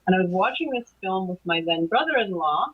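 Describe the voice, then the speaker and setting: A middle-aged Canadian woman, a guest who researches anomalies, recounts a strange night she experienced during an interview. Her slightly husky, breathy voice sits on the low side and is animated, though she hesitates, uses fillers and often restarts sentences. The audio is dull, muffled and lo-fi, like a remote call.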